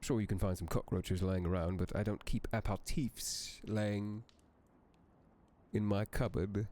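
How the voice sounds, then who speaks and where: A man's voice: fairly low pitch, flat delivery, measured pace, mellow. A man hosting a horror story stream in character as a tome keeper, chatting with viewers in theatrical, old-fashioned genteel phrasing.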